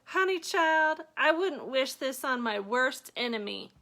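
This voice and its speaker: A woman putting on a deadpan old grandma. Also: high-pitched, unhurried, voice pushed up, full character voice.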